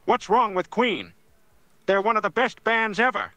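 A man's voice: high-pitched, expressive, a little slow, pushed and bright, no echo, exaggerated voice. A text-to-speech voice playing a grumpy older man who scolds and bosses people around. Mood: scolding. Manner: scolding, bossy and easily annoyed. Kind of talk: text-to-speech chatbot character.

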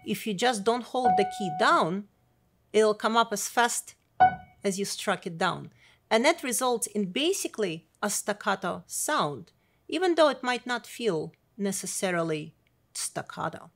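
A middle-aged woman, a piano professor, explaining practice strategies in a clear, demonstrative teaching manner. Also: medium pitch, lively intonation, a little slow. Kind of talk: instructional video lesson. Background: piano playing.

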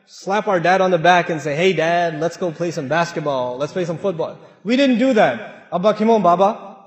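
A man giving an emphatic sermon to a congregation, acting out family scenes as he talks. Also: high-pitched. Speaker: Islamic speaker. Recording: echoey hall, long reverb.

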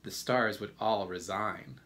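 A man's voice: fairly low pitch, takes it slowly, a bit bright. A man reading a storybook aloud, voicing a vain, bossy old aunt who admires herself pompously.

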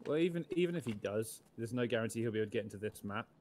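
A man's voice: on the low side, expressive, racing, a little mellow. Chatty man sharing trivia. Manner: chatty, explains gun and tech trivia. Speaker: co-player. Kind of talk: casual gameplay chat.

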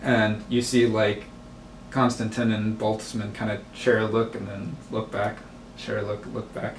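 A man running a tabletop game as game master, describing scenes in plain, unhurried narration. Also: fairly low pitch, level tone. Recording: roomy, distant mic with background noise.

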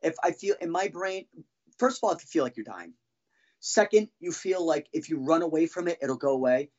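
A man telling his own story as a podcast guest, halting and restarting often as he talks. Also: a little high, animated, a little mellow, lo-fi sound. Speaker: guest, former band drummer. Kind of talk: casual podcast interview storytelling.

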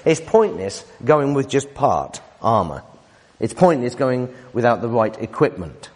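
A man preaching in a church hall, his voice a little husky with a long reverb trailing behind it. He is animated and teasing, jumping between loud emphasis and quieter asides. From United Kingdom. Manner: animated, teasing, emphatic, with lively pitch swings and laughs. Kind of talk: sermon.

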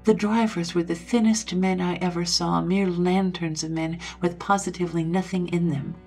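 Woman reading a spooky story, dramatic, lowish voice, soft music behind. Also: fairly even intonation, normal speed. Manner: dramatic, with hushed whispered passages. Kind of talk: scripted narration of a ghost story.

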